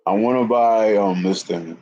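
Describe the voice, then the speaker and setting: A young man in his late twenties talks on a live stream in a low voice, cursing constantly and circling back over his own words. He sounds slightly winded, and the audio is dull and muffled. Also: unhurried, mellow. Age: 20s. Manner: profane, repetitive, restarts often. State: slightly out of breath. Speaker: livestreamer. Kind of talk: rambling live-stream monologue. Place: indoor room with a fan.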